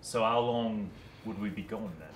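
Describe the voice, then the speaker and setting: A young man playing a rogue in a tabletop game, wry and scheming, with halting restarts. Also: lowish voice, noisy background. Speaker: player. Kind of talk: casual tabletop play.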